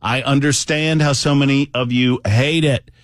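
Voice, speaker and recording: This man hosts a political talk radio show, delivering a conversational, emphatic monologue that keeps drifting into tangents. His voice is medium-pitched and steady at a normal speed, recorded in studio quality with no echo.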